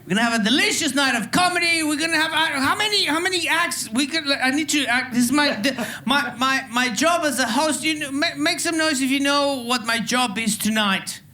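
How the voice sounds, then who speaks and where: A man's voice: very high-pitched, brisk, hardly any pauses, sharp tone. A man from Venezuela with a Venezuelan Spanish accent, hosting a stand-up comedy show and hyping a live crowd with playful energy. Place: theatre stage before a live audience.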